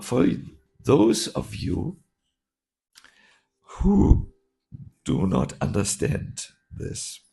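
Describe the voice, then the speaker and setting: A man, a monk, telling a story while teaching a scripture class, halting with many fillers and restarts. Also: on the low side, vocal fry, warm tone.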